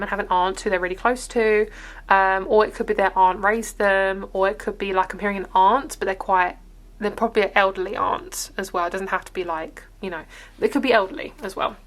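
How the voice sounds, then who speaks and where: A woman's voice: medium pitch, a bit bright. Chatty English woman reading tarot. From England. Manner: chatty, rambling, upbeat. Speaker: tarot reader. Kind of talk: casual tarot reading to camera.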